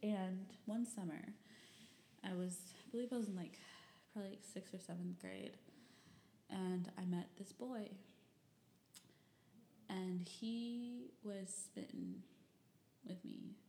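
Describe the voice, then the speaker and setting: A woman's voice: mid-range voice, lively intonation, takes it slowly, vocal fry, pauses often, mellow, reverberant, a little hiss or hum. A young woman from Michigan telling personal stories and reading old diary entries in a rambling, candid way, full of fillers and the odd curse. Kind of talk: personal storytelling.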